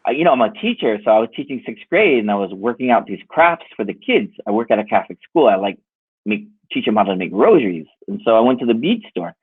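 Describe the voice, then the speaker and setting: A middle-aged man tells stories with a slightly husky voice and an animated, swooping delivery. He laughs often and acts out the people he quotes. The audio is dry and narrow, like a phone line. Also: fairly low pitch, fast talker, no echo. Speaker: musician and jewelry maker guest. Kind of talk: casual storytelling chat.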